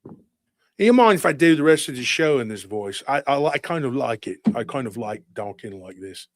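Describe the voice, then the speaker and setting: A man's voice: mid-range voice, lively intonation, moderate pace, no room sound, natural voice. A cocky British street thug talks blunt and slangy, full of swagger, as a man puts him on. The sound is dry and close.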